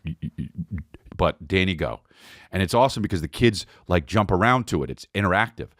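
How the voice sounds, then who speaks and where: A man hosting a podcast, telling a rambling, excitable comedic story with frequent swearing and asides. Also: low-pitched, fairly quick, no room sound, studio quality. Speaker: podcast host. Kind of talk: casual comedic monologue.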